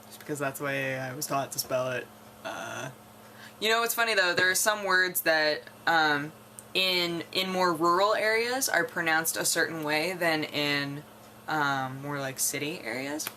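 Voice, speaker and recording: A young woman from North America talks casually to her camera, drifting between thoughts and laughing often. Her voice sits low yet sounds bright and forward. She trails off and restarts as she muses aloud. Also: expressive, moderate pace, slight background noise. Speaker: vlogger.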